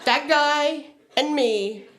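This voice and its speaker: A woman comedian telling stories on stage in an animated stand-up delivery. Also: extremely slow, a little hiss or hum. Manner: animated storytelling with wide pitch swings.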